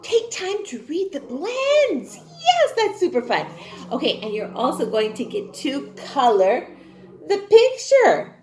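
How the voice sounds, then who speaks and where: A woman teaching a kindergarten phonics class online, talking in a playful, exaggerated sing-song way. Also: sits high. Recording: roomy echo.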